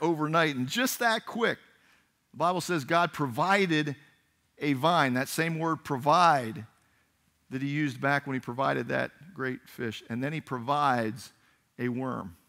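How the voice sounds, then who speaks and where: A male pastor preaching a sermon, telling a Bible story with animated delivery and acting out the characters' voices. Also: mid-range voice. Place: church.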